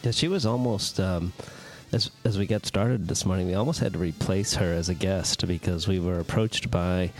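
A very low-pitched man co-hosting a café podcast. He makes dry, wry jokes in a relaxed conversational way, with faint music in the background. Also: normal speed, hardly any pauses. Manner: dry joking asides. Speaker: podcast co-host. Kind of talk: casual podcast chat. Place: busy coffee shop.

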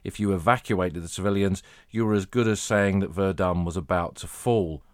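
Middle-aged English man, low voice, measured anecdotal podcast narration, dry close sound. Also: dry recording. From England. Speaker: podcast host, battlefield historian. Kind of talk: podcast narration, guided tour talk.

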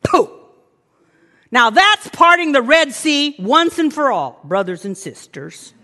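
A woman preaching a lively sermon, acting out inner voices and now and then shouting commands. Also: high-pitched, unhurried. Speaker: pastor. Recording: reverberant hall.

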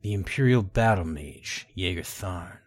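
A man's voice: low-pitched, lively intonation, measured pace, voice pushed down. A man reading an audiobook, voicing a grave, worried king who speaks earnestly and courteously.

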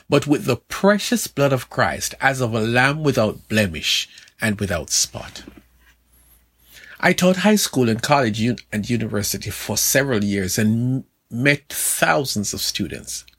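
A man's voice: mid-range voice, fairly bright tone, slightly rough. An older man, a pastor, telling a devotional sermon as a dramatic story for his daily podcast.

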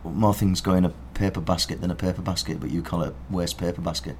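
A young man with an English accent and a very low, deep voice chats casually on a podcast. He explains things in a playful, teasing way. A faint hiss sits under the recording. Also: fairly even intonation, fast talker. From England. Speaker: podcast co-host. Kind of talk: casual chat. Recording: faint background noise.

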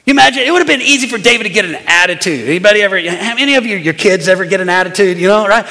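A man preaching a sermon as pastor, firing rhetorical questions at the congregation and swinging between loud and hushed delivery. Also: high voice, animated, rapid-fire. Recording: long reverb of a large hall.

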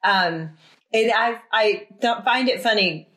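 A woman co-hosting a casual Bible study talk, reading scripture and retelling it with lively, playful asides. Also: mid-range voice, takes it slowly. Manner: animated, acts out scenes with playful voices. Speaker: podcast co-host.

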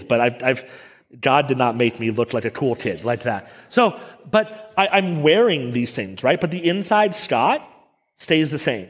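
A man's voice: medium pitch, sing-song, normal speed, breathy edge. A middle-aged man preaching a Sunday sermon as pastor, conversational, with self-deprecating asides. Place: church sanctuary. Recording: long church reverb.

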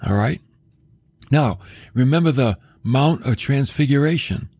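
A man teaching a sermon-style Bible lesson for a podcast, animated, often asking the listener questions and acting out quoted voices. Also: mid-range voice, unhurried, breathy edge, no echo, studio quality. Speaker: podcast preacher.

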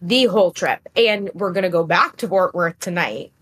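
A woman's voice: lowish voice, moderate pace, breathy edge. A woman co-hosting a podcast in casual chat, talking in an enthusiastic, rambling way with lots of "like". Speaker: podcast co-host.

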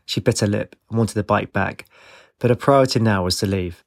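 A man reading a story aloud as narrator, in a measured, even delivery. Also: fairly low pitch, gravelly, no echo, clean studio sound. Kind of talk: audiobook narration.

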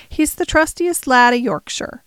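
A woman's voice: sits high, unhurried, a bit bright, smooth, no room sound, studio quality, voice pushed up. A woman voicing an eager, earnest young girl in an audiobook reading.

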